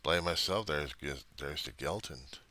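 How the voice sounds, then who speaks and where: A man's voice: very deep voice, measured pace, pushed and bright. A man venting in a personal diary monologue, angry, rambling and profane. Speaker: diarist.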